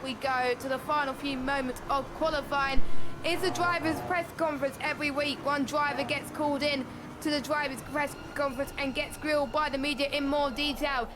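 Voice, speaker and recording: Woman co-host of a sim racing stream, high voice, chatty with lots of ums, noisy hiss behind. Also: fairly even intonation, a little fast. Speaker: co-commentator.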